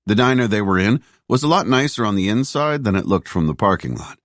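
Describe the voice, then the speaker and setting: A man reading a thriller audiobook in a measured, steady narration on a close mic. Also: lowish voice, no echo. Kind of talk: scripted narration.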